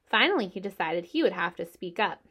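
Expressive woman reading a storybook. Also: lowish voice, a little fast. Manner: expressive, gentle. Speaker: reader. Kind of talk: storybook narration.

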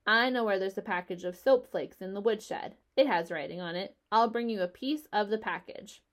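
A woman's voice: medium pitch, moderate pace, natural voice. A woman voicing a grumbling, peevish male rat scavenger in a storybook read-aloud, with a raised voice. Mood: bargaining.

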